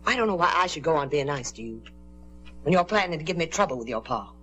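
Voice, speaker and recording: An actress playing a nagging middle-aged aunt in a 1950s television drama, falsely sweet and needling. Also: female voice, low voice, animated, fast talker, a bit bright, soft background music. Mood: threatening.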